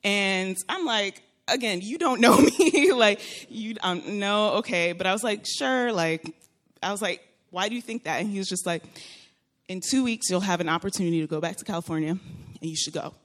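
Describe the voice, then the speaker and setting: A young woman telling a personal story in a casual, animated way, laughing often and acting out what people said. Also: mid-range voice, normal speed. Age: young adult. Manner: animated, laughing often, acts out quoted voices.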